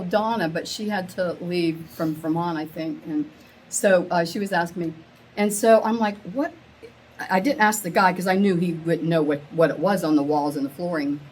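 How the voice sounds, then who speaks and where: A middle-aged woman telling a rambling, excitable story to a small live group, acting out the quotes with big jumps in her voice. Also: on the low side, a little hiss or hum, poor audio. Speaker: meetup attendee sharing a story. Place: women's meetup gathering, audience laughing.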